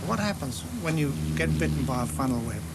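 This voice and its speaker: A man presenting a travel documentary, cracking jokes and interviewing with playful, halting restarts. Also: a little high, animated, heavy background noise. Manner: playful, hesitant joke-telling with many restarts.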